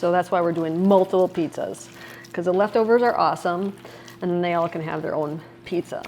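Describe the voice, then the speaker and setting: A woman's voice: lowish voice, brisk, a little mellow, a little hiss or hum. Chatty middle-aged woman cooking at home. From Wisconsin, USA. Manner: chatty and upbeat, talks viewers through each step. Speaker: cooking vlogger. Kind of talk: casual cooking demonstration. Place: home kitchen.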